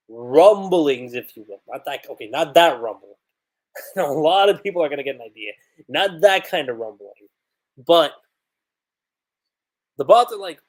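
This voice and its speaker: A man hosts a relaxed livestream, reviewing a new manga chapter and thinking aloud as he goes. His voice is a bit husky, and his pitch swings up and down as he talks. He stops and restarts often, and he laughs along the way. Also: low-quality recording.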